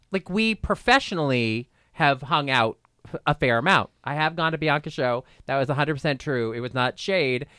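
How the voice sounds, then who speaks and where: A man's voice: fairly high pitch, pushed and bright, clean tone, dry recording, clean studio sound. A man chatting as a podcast guest, rambling and gossipy with self-mocking humor. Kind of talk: casual comedic chat.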